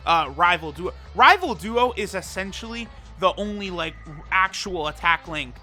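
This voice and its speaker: A young man talks through a mobile game in a loose, chatty way, peppering his lines with "right?" and "you know." His voice sits high and sounds bright and forward. Faint game music plays underneath. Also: animated, normal speed. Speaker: gaming YouTuber. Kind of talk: casual gameplay commentary.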